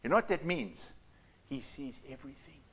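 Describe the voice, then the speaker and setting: A man preaching a sermon as pastor, reading scripture dramatically and swinging between loud outbursts and hushed asides. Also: mid-range voice, expressive, moderate pace, a little hiss or hum.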